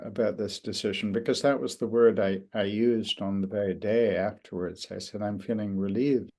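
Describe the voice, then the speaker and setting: An older man giving an interview, speaking reflectively and haltingly, with many restarts and pauses. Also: lowish voice, warm tone. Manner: thoughtful, halting with frequent restarts and fillers. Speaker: interview guest, author.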